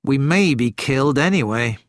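A man reading an audiobook and voicing a loyal young pilot who speaks in a steady, grim manner. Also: mid-range voice, moderate pace, no echo, studio quality, close to an everyday voice. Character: young male pilot, calm loyal friend.

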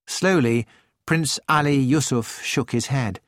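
Male audiobook narrator, slow and deliberate, dry close mic. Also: mid-range voice, sing-song, dry recording. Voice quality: measured, deliberate. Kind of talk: scripted narration.

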